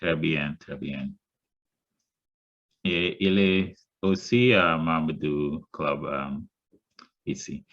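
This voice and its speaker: A man chairing an online club meeting, switching between English and French, giving brief, easygoing prompts with pauses. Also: extremely low pitch. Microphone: video call. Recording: muffled online call audio.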